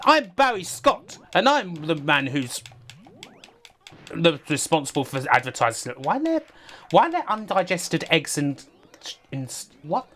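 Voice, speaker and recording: A woman putting on the voice of a loud, pushy male TV advert pitchman, shouting in a drawn-out ad-man style. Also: sing-song, heavily acted. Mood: blustering.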